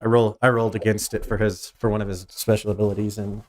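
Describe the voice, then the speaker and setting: A man's voice: lowish voice, level tone. New Zealand man narrating a tabletop game. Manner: halting, restarts while describing scenes. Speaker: game master.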